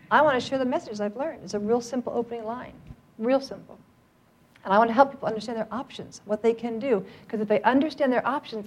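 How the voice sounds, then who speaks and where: A woman's voice: a little high, a little mellow. A middle-aged woman training a live audience, upbeat and joking as she coaxes them to speak up. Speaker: workplace trainer on cancer outreach.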